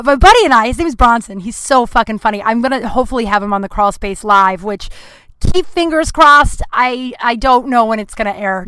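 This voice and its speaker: A woman's voice: fairly high pitch, pushed and bright, clear, resonant tone, dry recording. Rambling, frank podcast host woman. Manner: rambling, frank, with lots of fillers and swearing. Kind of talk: casual solo podcast storytelling.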